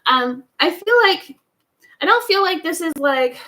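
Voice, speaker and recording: A woman's voice: extremely high pitch, expressive, unhurried, bright, forceful tone, poor audio. A woman giving a live tarot reading in a casual, chatty way, often restarting her sentences. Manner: chatty, rambling, many restarts and laughs. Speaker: tarot reader.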